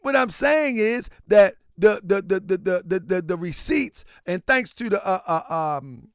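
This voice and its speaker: A man's voice: sits high, expressive, unhurried, clean tone, no room sound, clean studio sound. A man hosting his own commentary show, delivering an impassioned monologue with emphatic repetition and strings of rhetorical questions. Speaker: host of a commentary channel.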